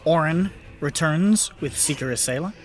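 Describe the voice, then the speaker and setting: A man's voice: on the high side, normal speed, faint music behind. A man running a tabletop game as game master, narrating casually and laughing with players.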